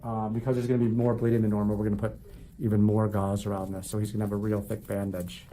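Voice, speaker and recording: In a clinic treatment room, a male podiatrist talks through a procedure in real time, explaining calmly and bantering with his patient. He speaks quickly in a fairly low voice, with slight background noise.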